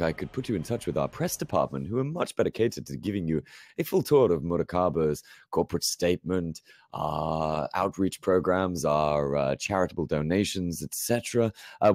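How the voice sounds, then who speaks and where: A man's voice: low-pitched, darkish tone, no room sound. A man with a British accent voicing a charming male ship salesman in polite, formal sales patter.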